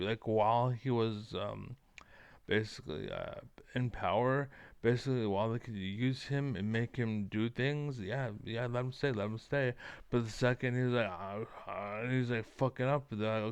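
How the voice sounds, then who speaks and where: A man's voice: mid-range voice, fairly even intonation, normal speed, smooth, dry recording. A man delivering a profane, rambling, combative rant to the camera as an online commentator. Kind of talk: ranting monologue to camera.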